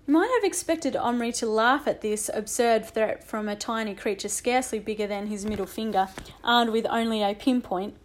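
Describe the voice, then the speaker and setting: Woman narrator, audiobook, expressive, fairly high voice. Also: normal speed, few pauses. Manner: expressive, lively reading.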